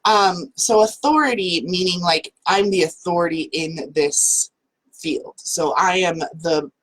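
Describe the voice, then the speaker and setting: Chatty woman host, slightly husky, talks loosely from home. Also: lowish voice, a little slow, rough recording. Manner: chatty, lots of "like" fillers. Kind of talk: casual livestream talk.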